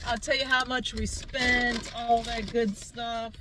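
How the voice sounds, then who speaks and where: Female vlog host, bubbly and chatty, highish voice, recorded in a car. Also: level tone, slow, noisy background. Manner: chatty, upbeat, keeps calling the viewers "guys". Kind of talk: casual food review chat. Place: inside a parked car.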